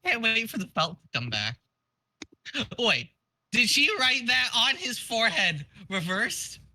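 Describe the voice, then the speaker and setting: Rambling, joking man with a bright voice. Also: very high-pitched, very animated, measured pace. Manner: joking and rambling, laughs often. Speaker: friend reading along. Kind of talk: casual chat on a live stream.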